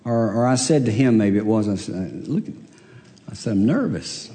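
A man's voice: lowish voice, very animated, unhurried, pauses often, warm tone, in a large hall. An older man, preaching a sermon in a church and telling stories about himself in a humorous, self-deprecating way. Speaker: pastor. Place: church sanctuary.

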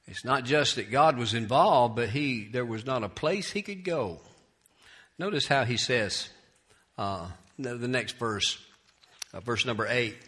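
Pastor, male, bright tone; folksy preacher, soft asides and emphatic scripture reading. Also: mid-range voice, lively intonation, unhurried. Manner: folksy, tells jokes and restarts phrases. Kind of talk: sermon.

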